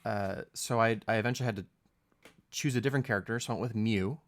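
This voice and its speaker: A man co-hosting a podcast in casual chat, relaxed and hesitant with many fillers. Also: on the low side, fast. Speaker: podcast co-host.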